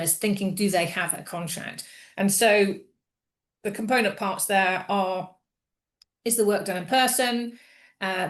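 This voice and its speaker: A woman's voice: fairly low pitch, echoey room. A woman presenting an employment law webinar, talking with many fillers and restarts. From United Kingdom. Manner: hesitant, frequent fillers and restarts.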